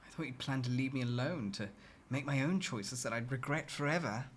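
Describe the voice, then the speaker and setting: A streamer reading a story game aloud and reacting with loud, swearing outbursts. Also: medium pitch, brisk, a little hiss or hum.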